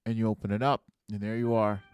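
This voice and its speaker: A man's voice: lowish voice, flat delivery, quick pace, darkish tone, clear, resonant tone, dry recording, lo-fi sound. A man hosting a podcast who talks casually and keeps checking in with rhetorical "right?" asides. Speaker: podcast host.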